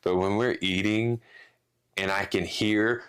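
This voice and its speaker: A man's voice: fairly low pitch, fairly even intonation, slow, a bit bright, clean tone. A man co-hosting a casual podcast, rambling through a rant with restarts and some swearing. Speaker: podcast co-host.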